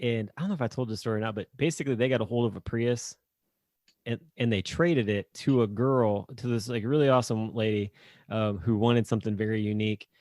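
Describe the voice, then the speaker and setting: Podcast co-host, man from Northern Indiana, easygoing chatter with fillers, mid pitch, dry close sound. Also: brisk, a little mellow, dry recording. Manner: easygoing, laughs often, many fillers. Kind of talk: casual chat.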